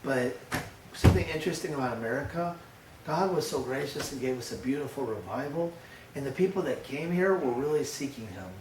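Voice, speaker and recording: An older man, a pastor, giving a sermon with lively storytelling, acting out his grandson's voice. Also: mid-range voice, brisk, background noise. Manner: storytelling, animated, acts out a toddler's voice. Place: church. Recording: echoey church room heard from a distance.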